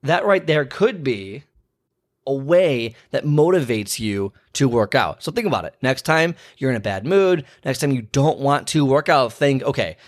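A man's voice: mid-range voice, lively intonation, moderate pace. Chatty man giving fitness motivation. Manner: chatty, repeats himself, many fillers and restarts. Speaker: personal trainer. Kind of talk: casual motivational talk to camera.

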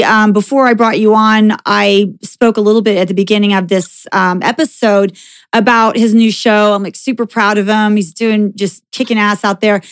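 A woman's voice: on the high side, clear, resonant tone, no echo. A woman hosting a podcast, chatting casually and filling her talk with "like" and "you know.". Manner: chatty, filler-heavy with many "like"s. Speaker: podcast host. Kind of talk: casual interview chat.

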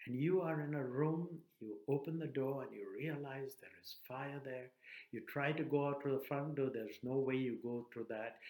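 Male preacher, earnest storyteller, dramatic pauses, reverberant room. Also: medium pitch. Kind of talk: sermon.

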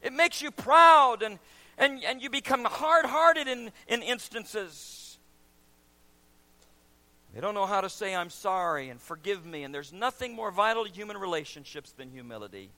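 Preacher guy with a really high bright voice, goes soft then shouts, sermon in church. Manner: dramatic swings from quiet to shouting. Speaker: pastor.

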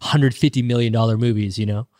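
A man's voice: medium pitch, fairly even intonation, fast talker, darkish tone. Laid-back man who keeps saying bro. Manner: laid-back, says "bro" a lot, laughs easily. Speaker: podcast host. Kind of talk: casual chat.

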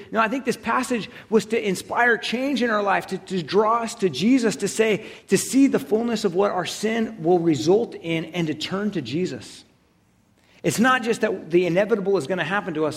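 A man in his thirties, a pastor giving a conversational sermon, self-deprecating and often checking in with "right?". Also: fairly high pitch.

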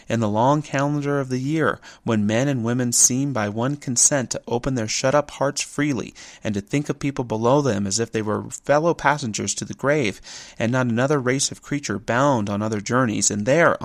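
A man reading the part of an earnest young nephew who pleads warmly with his uncle. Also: mid-range voice, moderate pace, no room sound, close to an everyday voice.

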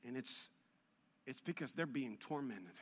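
A man preaching a sermon, telling the story in an animated, humorous way that builds in intensity. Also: medium pitch, a little slow, slightly rough. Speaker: pastor.

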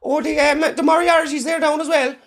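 A man squeaking as a nosy Irish village busybody woman. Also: fairly even intonation, a little fast, fairly bright tone. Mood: prying. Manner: shrill, gossiping, relentless questions. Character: nosy small-town woman, middle-aged, prying.

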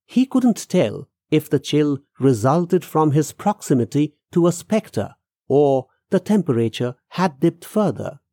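A storyteller reads a ghost story in a slow, deliberate voice. The pitch moves in wide, lively swings. The recording is dry and close to the mic. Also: no echo. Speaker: narrator. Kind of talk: audiobook narration of a ghost story.

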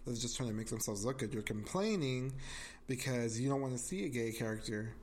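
A man co-hosting a casual podcast chat, sassy and animated, swearing freely and laughing often. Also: medium pitch, fairly quick. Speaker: podcast co-host.

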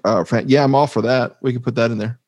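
A man's voice: medium pitch, fairly even intonation, fast talker, darkish tone, dry recording. A man co-hosting a casual movie podcast, chatty and easygoing, often breaking into laughter. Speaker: podcast co-host.

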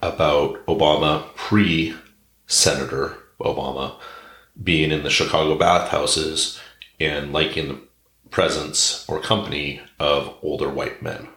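A man's voice: extremely low pitch, steady tone, slow pace, fairly bright tone. A man hosting a podcast and telling a rambling, irreverent comedic story. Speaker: podcast host. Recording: echoey room.

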